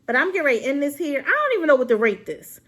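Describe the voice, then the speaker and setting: Rapid-fire and very animated, her high, fairly bright voice carries an unscripted, unedited drama review delivered to camera. She rambles, exclaims, and addresses her viewers head-on.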